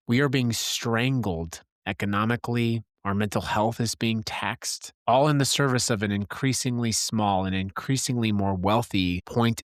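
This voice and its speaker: A man's voice: on the low side, no echo, clean studio sound. A middle-aged man from Wyoming hosting a late-night show, telling personal stories in an earnest, impassioned monologue. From Wyoming, USA. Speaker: podcast host.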